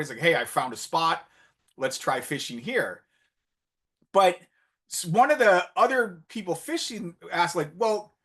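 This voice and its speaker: A man, a marine biologist, telling an animated story during an online conference talk, acting out the dialogue as he goes. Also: a little high. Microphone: video call.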